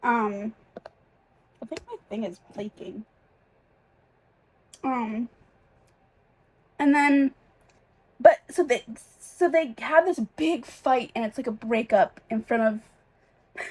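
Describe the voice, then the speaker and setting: Young woman, casual vlog chat, emotional, rambling, fillers and restarts, slightly high pitch. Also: takes it slowly, pauses often, a little mellow, slightly rough. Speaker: reading vlogger.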